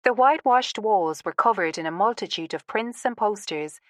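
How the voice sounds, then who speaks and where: A woman narrating a romance audiobook in a calm, even storytelling manner. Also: medium pitch, moderate pace, no echo, clean studio sound. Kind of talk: scripted narration.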